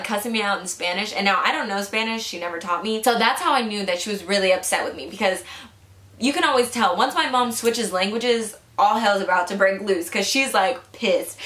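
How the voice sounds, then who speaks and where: Chatty young woman with a bright voice. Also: medium pitch. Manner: chatty, swears freely, many "like" fillers. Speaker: vlogger. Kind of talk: casual storytime narration. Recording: echoey room.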